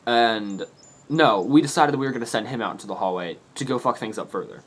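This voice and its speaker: A man's voice: medium pitch, fast. A young man telling a story to his camera in a rambling, casual way, laughing and swearing often. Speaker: vlogger. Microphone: camera mic.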